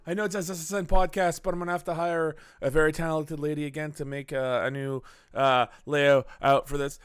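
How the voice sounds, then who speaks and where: A man's voice: fairly high pitch, little pitch movement, fairly quick, hardly any pauses, clean tone. A man hosting a casual movie podcast, loose and joking with swearing and laughing asides. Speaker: podcast host.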